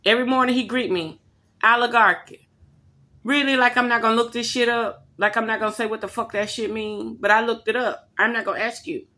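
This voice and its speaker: A woman telling a story to her camera in a blunt, profane, animated rant. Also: fairly high pitch, fast talker, few pauses. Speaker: vlogger.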